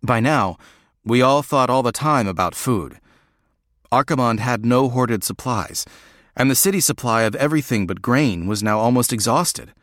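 A man narrating a first-person novel in a measured, reflective way. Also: medium pitch, expressive, a bit bright, dry recording, studio quality. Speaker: audiobook narrator.

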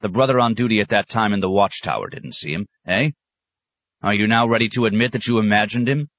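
A man's voice: on the low side, expressive, a little fast, fairly bright tone, dry recording, muffled recording, voice pushed up. A man voicing a stern, sarcastic abbot who questions a novice with cutting mockery. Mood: severe. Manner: mocking, cutting, sometimes roaring.

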